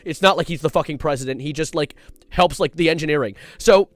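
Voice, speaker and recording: A man's voice: a little high, quick pace, dry recording. A man in his twenties chatting casually on a live stream, rambling and jumping between reading chat and his topic.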